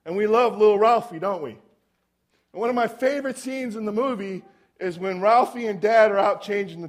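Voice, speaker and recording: A man giving a conversational sermon, telling stories and asking the congregation rhetorical questions. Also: sits high. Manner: storytelling, asks the audience rhetorical questions. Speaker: preacher.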